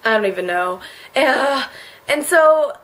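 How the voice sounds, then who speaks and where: A woman's voice: high-pitched, lively intonation, unhurried, fairly bright tone. A teenage girl talking in a rambling, emotional confessional vlog, close to tears and full of filler words. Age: late teens. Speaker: vlogger.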